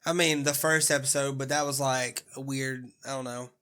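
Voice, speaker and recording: Brief: male podcast co-host, forceful bright tone, loose and joking, swears freely. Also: medium pitch, fairly even intonation, moderate pace. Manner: laughs often, swears casually. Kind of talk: casual chat.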